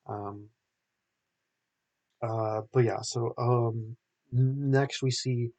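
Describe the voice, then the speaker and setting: A man's voice: mid-range voice, fairly even intonation, drawn-out words, darkish tone. A young man hosting a podcast, recapping a film in a rambling, casual way full of filler words. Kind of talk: casual chat.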